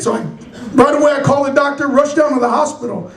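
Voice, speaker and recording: A man's voice: extremely high pitch, steady tone, fast. A middle-aged man from San Francisco performing a stand-up comedy set, telling stories animatedly and acting out characters in raised voices. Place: comedy club stage. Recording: echoey club from a distance.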